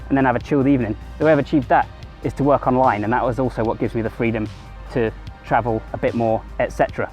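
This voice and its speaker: Male vlogger, quick rambling delivery, faint background music. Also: medium pitch, darkish tone. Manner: rambling, conversational, corrects himself mid-sentence. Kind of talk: casual self-help monologue to camera.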